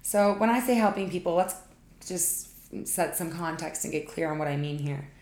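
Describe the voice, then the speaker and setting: A woman's voice: deep voice, normal speed, a little mellow, a little hiss or hum. A woman relationship coach hosting her own podcast, speaking in a chatty, informal way straight to her listeners. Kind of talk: solo podcast monologue. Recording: echoey room.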